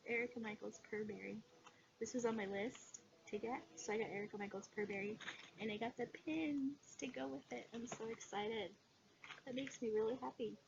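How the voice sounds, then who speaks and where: Excitable woman vlogger, gravelly voice. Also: fairly high pitch, fairly quick. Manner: excitable, gushing, many fillers. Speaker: cross-stitch vlogger. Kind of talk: casual haul video chat. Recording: dull lo-fi sound with background noise.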